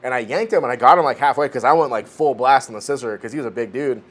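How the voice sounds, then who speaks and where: Fast-talking man in his forties. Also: medium pitch. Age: 40s. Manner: animated storytelling, swears freely, restarts. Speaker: podcast co-host. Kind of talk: casual chat.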